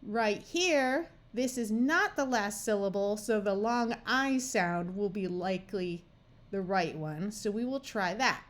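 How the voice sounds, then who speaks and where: A woman's voice: medium pitch, animated, measured pace. A woman with an American accent teaching a phonics lesson as a reading tutor, patiently spelling out sounds and words one by one. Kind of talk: slow, careful phonics lesson.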